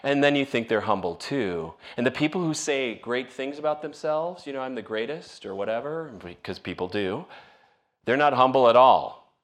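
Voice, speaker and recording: Man, pastor, sermon, conversational preaching, medium pitch, acted-out quotes. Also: animated, normal speed.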